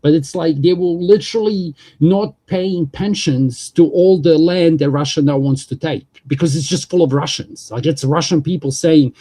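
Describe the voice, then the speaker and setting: A man's voice: on the high side, normal speed, hardly any pauses, mellow. A man hosting a livestream, talking politics in a casual, profane, rambling way.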